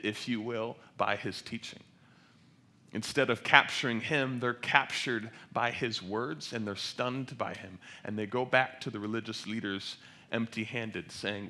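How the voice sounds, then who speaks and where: Male pastor, bright voice, unhurried delivery, passionate sermon that swells and softens. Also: lowish voice. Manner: passionate, swells loud on scripture quotes then drops soft.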